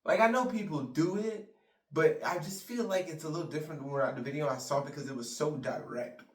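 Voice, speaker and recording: A man's voice: fairly high pitch, brisk. Profane, ranting man in an echoey room. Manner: profane, heated, rambling. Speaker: vlogger. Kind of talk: ranting monologue. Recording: roomy sound, mic far off.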